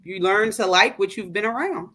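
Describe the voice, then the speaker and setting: A woman's voice: mid-range voice, normal speed, fairly bright tone, husky. A woman appearing as an expert guest on a talk show, speaking thoughtfully with some hesitation. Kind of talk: casual chat.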